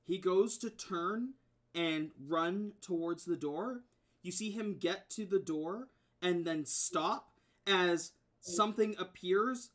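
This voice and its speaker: A man's voice: sits high, takes it slowly, a bit bright. A man narrating as game master of a tabletop game, describing scenes in a rambling way full of fillers.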